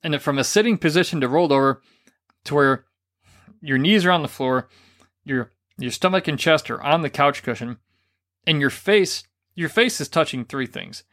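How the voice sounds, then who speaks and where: A man's voice: on the high side, moderate pace. A man co-hosting a podcast, casually telling a racy story with laughs and acted-out quotes. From grew up Catholic. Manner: animated, laughing, acts out quotes. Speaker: podcast co-host.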